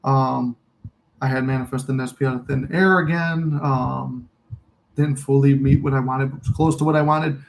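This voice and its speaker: A man's voice: medium pitch, steady tone, normal speed, gravelly, a little hiss or hum, poor audio. A man hosting a casual livestream, talking candidly in a rambling way, cursing freely and reading out and answering viewer comments. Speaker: livestream host.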